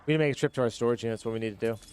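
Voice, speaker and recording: A man's voice: medium pitch, rapid-fire, slight background noise. Chatty male game streamer. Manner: chatty, reads chat, excitable. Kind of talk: live gameplay commentary.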